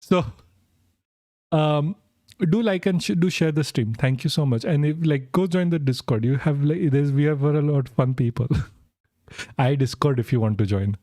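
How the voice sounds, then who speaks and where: A young man chats casually on a live stream, cracking up and swearing as he talks to his chat. His voice sits a bit high for a man. It is recorded dry and close, with no room sound. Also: normal speed, warm tone, no room sound. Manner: giggly, swearing, laughing through words.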